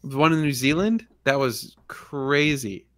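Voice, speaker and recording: A man's voice: mid-range voice, lively intonation, a little slow, a bit bright. Laid-back rambling male livestream host. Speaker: podcast host. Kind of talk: casual livestream chat.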